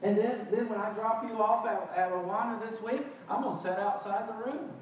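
A man's voice: sits high, normal speed, slight background noise. A man preaching a sermon as pastor, building to emphatic, impassioned outbursts. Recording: echoey hall, picked up from a distance.

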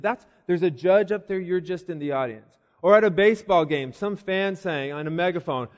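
A man's voice: sits high, fairly quick, few pauses. A man preaching a sermon, telling the story vividly with voiced asides and hesitant restarts. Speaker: pastor. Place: church building. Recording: long reverb of a church hall.

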